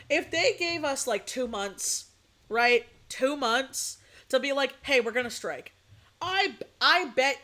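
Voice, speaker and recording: A woman's voice: high-pitched, bright, forceful tone. A young woman streaming live, ranting casually to her chat, swearing and laughing between points. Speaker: VTuber streamer.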